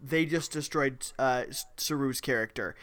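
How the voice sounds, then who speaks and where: A man co-hosting a podcast in casual chat, eager and quick to jump in. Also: mid-range voice, a bit bright. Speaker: podcast co-host.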